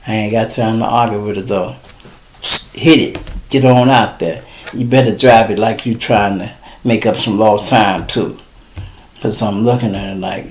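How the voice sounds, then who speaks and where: A man's voice: on the low side, measured pace, slight background noise. A middle-aged man with a Chicago accent, hosting a podcast and telling a casual street story, calling out to listeners. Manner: animated street storytelling, addresses listeners as y'all. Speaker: podcast host.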